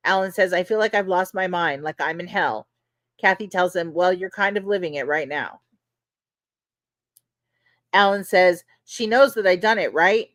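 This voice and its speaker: A woman podcast host casually recaps courtroom testimony, chatting conversationally and leaning heavily on "you know" and "like." Her voice is lowish with a fairly bright tone, and she speaks at a moderate pace with frequent pauses, with no room sound.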